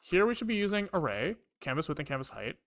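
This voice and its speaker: A live-coding streamer talking through code as they type, reading out variables and loops. The pitch jumps around a lot, with plenty of frustrated swearing when things break. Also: big pitch swings, fast talker, a bit bright. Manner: muttering code aloud, frequent frustrated swearing. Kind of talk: live coding, thinking aloud.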